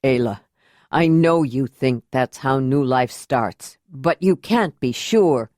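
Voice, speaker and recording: Woman narrator lowering her voice for a remorseful, panicky man in a storybook audiobook; slow, pleading, anguished. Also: lively intonation, a little mellow, no room sound, clean studio sound, exaggerated voice. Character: Jondalar, grown man, remorseful, panicky lover. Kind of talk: audiobook character reading.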